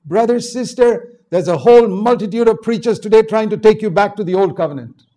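Emphatic older preacher from India, mellow voice. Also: male voice, brisk. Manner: emphatic, swings from low asides to loud exhortation. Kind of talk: sermon.

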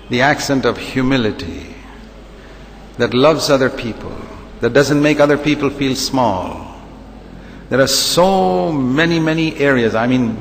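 Emphatic preacher, echoey hall. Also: male voice, medium pitch, a little hiss or hum. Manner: emphatic, repetitive preaching with rhetorical questions. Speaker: pastor. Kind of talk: sermon.

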